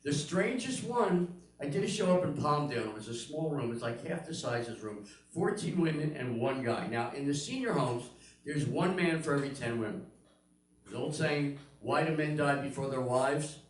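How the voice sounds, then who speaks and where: An older man from Pennsylvania doing a stand-up comedy set, telling stories and acting out the people in them with sudden jumps in pitch. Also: animated, normal speed. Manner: storytelling, acting out quoted voices with big pitch jumps. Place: live comedy room, audience laughing. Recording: echoey room heard from a distance.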